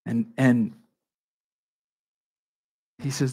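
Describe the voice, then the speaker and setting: Man preaching an animated sermon. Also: fairly high pitch, moderate pace. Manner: animated preaching, voices Bible figures in dialogue; conversational with frequent restarts and asides. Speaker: pastor.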